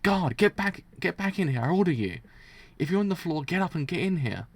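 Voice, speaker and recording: A man voicing a scheming priest villain, gravelly. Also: fairly high pitch, fast talker, no room sound, pitched above the performer's own voice. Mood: commanding. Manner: muttering, counting prime numbers to steady himself. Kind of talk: reading manga aloud with voices.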